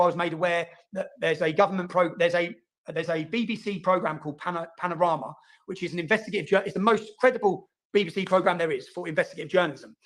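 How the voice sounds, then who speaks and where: A man telling his own story, fast and emphatic, often repeating words and asking "yeah?". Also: high voice, a bit bright. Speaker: interviewee in played clip. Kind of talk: animated personal storytelling.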